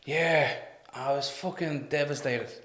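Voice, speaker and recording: A man with a Dublin accent, a podcast guest telling stories in a casual, animated way, laughing and swearing often. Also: on the high side, a little slow. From Ireland. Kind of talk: casual storytelling. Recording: roomy echo.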